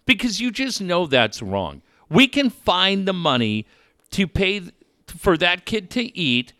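A man's voice: high voice, measured pace, no room sound, studio quality. A man telling stories in a casual chat, swearing often and acting out the people he quotes. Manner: profane, animated, acts out quoted people.

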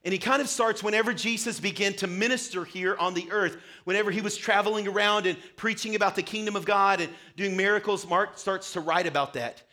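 High, bright-voiced young male pastor preaching. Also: a little fast, few pauses. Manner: animated storytelling, acts out his childhood self. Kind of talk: sermon. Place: church sanctuary.

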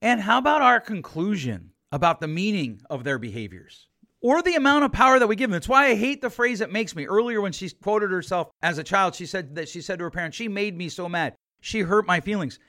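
A man's voice: high-pitched, big pitch swings, brisk, sharp tone. A man, a therapist, talking through a podcast monologue with emphasis and repeated points.

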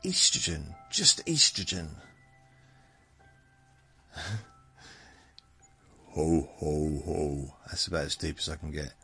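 A man in his seventies drifts through a slow, meandering monologue, teasing himself along the way. His voice sits very low yet rises and falls expressively. Faint music plays beneath him. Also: big pitch swings, vocal fry, bright, forceful tone, slightly rough. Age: 70s. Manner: meandering, self-mocking, drawn out. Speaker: podcast host. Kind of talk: rambling bedtime monologue.

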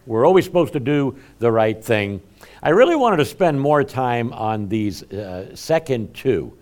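A middle-aged man preaching a conversational sermon in a folksy, self-deprecating way, chuckling often. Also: lowish voice. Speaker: pastor.

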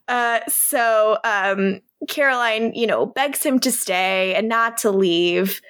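A woman chatting casually as a podcast co-host, her voice sitting a little high. She laughs often and slips into the characters' lines as she retells scenes. The sound is dry and close. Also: slow, clean tone, no echo. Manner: lively, giggly, acts out characters' lines while retelling. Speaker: podcast co-host recapping a TV episode. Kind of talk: casual chat.

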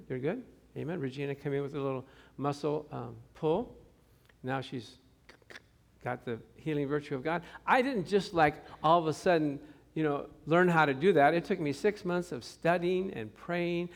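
A man with a high voice preaches in a loose, conversational way. He keeps lifting into little acted voices for the people in his stories, and his tone stays lively and friendly. It sounds like an informal Bible study in a church room. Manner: animated, acts out quotes with shifting voices. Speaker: pastor.

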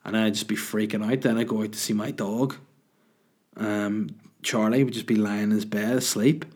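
A man's voice: on the low side, fairly even intonation, normal speed, darkish tone, breathy edge. Rambling sweary man. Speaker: podcast host. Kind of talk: casual chat answering listener questions.

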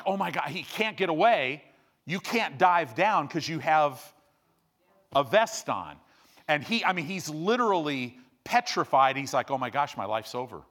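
A man preaching a sermon, telling stories animatedly, with sudden loud bursts and quiet asides. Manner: animated storyteller, swings between loud bursts and low hushed asides. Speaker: pastor. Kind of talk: sermon storytelling.

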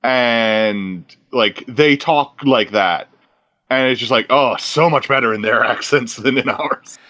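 A man's voice: medium pitch, takes it slowly, pushed and bright, no room sound, clean studio sound. A tired man joking and laughing often as he chats while watching a show. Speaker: co-host of a watch-along.

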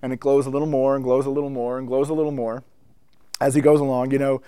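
A man giving a conversational teaching talk to church musicians, telling stories with lots of asides and building the excitement as he goes. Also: mid-range voice, quick pace, smooth, no room sound. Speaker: speaker addressing church musicians. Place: indoor room with a whiteboard.

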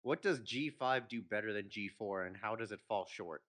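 A man's voice: fairly low pitch, normal speed, fairly bright tone. A man hosting a casual podcast chat, easygoing, stammering and repeating words now and then. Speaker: podcast host.

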